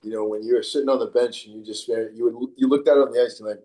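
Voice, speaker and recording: Man, podcast co-host, mellow warm voice, casual question, restarts mid-sentence. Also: mid-range voice, steady tone, fast. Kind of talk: casual chat.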